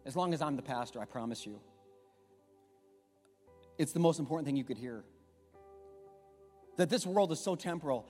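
A middle-aged pastor preaching in an emphatic, conversational, storytelling way, recorded in an echoey church with faint music. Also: male voice, on the high side, animated, moderate pace, long pauses, a little mellow. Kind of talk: sermon. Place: church sanctuary.

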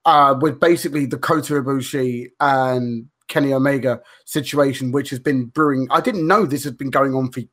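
A man chatting loosely on a podcast. He rambles, backtracks and swears freely, filling gaps with ums and uhs. His voice sits at an ordinary middle pitch. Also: normal speed, few pauses, fairly bright tone. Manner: rambling, swears freely, many fillers and restarts. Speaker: podcast co-host. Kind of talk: casual podcast chat.

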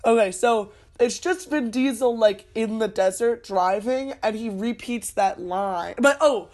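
A woman's voice: a little high, unhurried, a little mellow. A woman co-hosting a casual movie podcast. She rambles, strings thoughts together with lots of "like", and giggles along the way. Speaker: podcast co-host.

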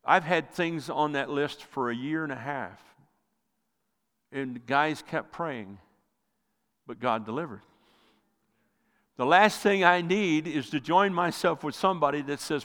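A male pastor preaching a sermon with passion, rising loud and then dropping to near quiet. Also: a little slow, pauses often. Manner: impassioned preaching, swells loud then drops low. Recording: long hall reverb.

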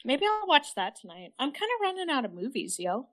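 A woman's voice: sits high, sing-song, fairly quick, fairly bright tone. A woman co-hosting a podcast in casual chat, laid-back and enthusiastic, swearing freely. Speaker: podcast co-host.

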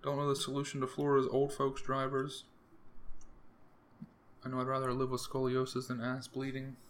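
A man's voice: medium pitch, monotone, moderate pace. A young man hosting a solo podcast, rambling casually with crude jokes. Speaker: podcast host.

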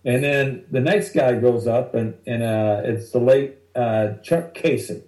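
A male stand-up comedian telling rambling, animated stories from the road in a casual interview. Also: medium pitch, measured pace, reverberant, low-quality recording. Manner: animated, rambling anecdotes that act out other people's lines.

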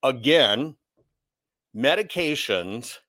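A man's voice: mid-range voice, animated, drawn-out words, a bit bright. A man hosting an opinionated commentary show, blunt and sarcastic as he rants. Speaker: commentary host.

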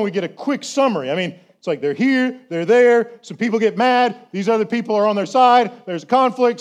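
In a high-pitched voice, a man delivers a sermon in a conversational preaching style, leaning on rhetorical questions. He is a pastor.

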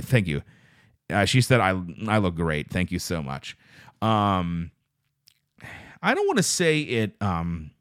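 A man's voice: no room sound, studio quality. Man in a swooping radio-announcer voice. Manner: exaggerated radio-announcer delivery, lots of pitch swoops; rambling, with stammered restarts. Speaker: podcast host. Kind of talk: solo podcast chat with live viewers.

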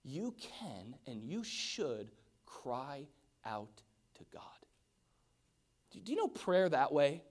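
A man preaching a sermon, swinging from hushed whispers to loud exclamations. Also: medium pitch, big pitch swings, slow, pauses often.

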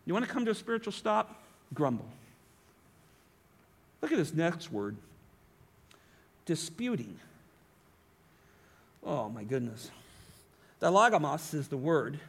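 A man preaching a sermon as pastor, swinging between emphatic lines and hushed asides. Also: a little high, sing-song, measured pace, pauses often, slightly rough.

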